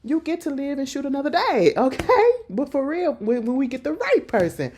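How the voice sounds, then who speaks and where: A woman casually recapping a TV episode, telling it in lively slang and acting out what the characters say. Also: high voice, normal speed, slight background noise. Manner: animated, slangy storytelling that acts out the characters' lines.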